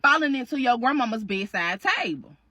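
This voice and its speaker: A woman's voice: a little high, animated, moderate pace, pushed and bright, no room sound. A woman telling a story in the second person, chatty, slangy and profane. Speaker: storytime host.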